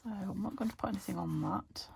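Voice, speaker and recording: A woman's voice: mid-range voice, fast, creaky, darkish tone, a little hiss or hum. A British woman chatting to herself while crafting, thinking aloud and often dropping into a whisper. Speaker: craft vlogger. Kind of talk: casual narration while crafting.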